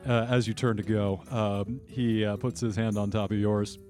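A man narrating as game master with a mellow, low voice, describing scenes with small pauses. Faint music plays behind him. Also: little pitch movement.

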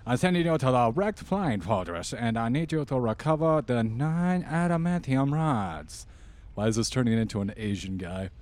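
A man's voice: mid-range voice, expressive, moderate pace, darkish tone, lightly acted. A man voicing a pushy former archduke of hell, drawling with a thick put-on accent. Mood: demanding.

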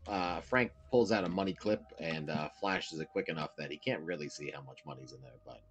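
A man's voice: extremely low pitch, brisk, hardly any pauses, dull audio. A man playing a tabletop game, describing his character's actions in a playful, joking way. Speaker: player.

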